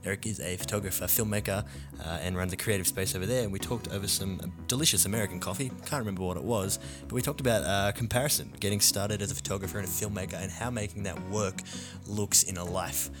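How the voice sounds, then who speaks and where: A man with an Australian accent hosting a casual interview podcast, chatty and quick to laugh. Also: deep voice, music in the background. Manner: laughs often, relaxed and chatty. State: jet lagged and tired. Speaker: podcast host.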